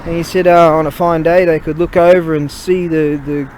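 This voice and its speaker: A man retelling a story while out on a cold walk, halting and swearing as he loses his train of thought. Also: fairly high pitch, level tone, poor audio. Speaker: vlogger. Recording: loud wind noise on outdoor mic.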